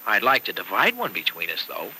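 An actor playing a teasing, affectionate young newlywed husband in a 1940s radio drama, recorded on an old radio transcription. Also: male voice, on the low side, wildly swooping pitch, pushed and bright, slight background noise, exaggerated voice, low-quality recording. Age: young adult. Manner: teasing, quick-joking banter.

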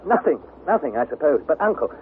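An actor playing an earnest, anxious young nephew who also narrates a radio drama. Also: male voice, fairly high pitch, big pitch swings, fairly quick. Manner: earnest, worried. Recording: tinny old radio broadcast with hiss.

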